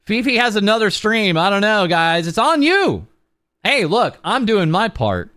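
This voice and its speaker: A young VTuber chats on a charity stream, rambling and self-deprecating, with lots of ums and uhs. His high, bright voice is very animated yet unhurried, with a forceful tone, captured in a dry, studio-quality recording.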